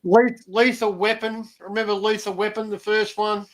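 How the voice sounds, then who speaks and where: Sweary high-voiced Australian man. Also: little pitch movement, moderate pace, rough recording. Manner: blunt, sweary, keeps adding "right?" and "mate". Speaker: live stream host. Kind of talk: casual chat.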